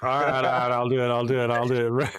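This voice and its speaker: A man's voice: medium pitch, monotone, fast, fairly bright tone. A man hosting a casual livestream podcast, chatting loosely with a co-host, laughing often and reading viewer messages aloud.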